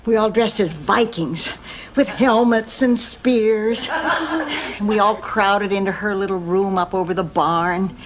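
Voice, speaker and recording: A woman's voice: mid-range voice, slow, lightly acted. An actress playing an earnest, rambling sitcom character who tells long stories, with a laugh track behind her. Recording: very noisy TV clip.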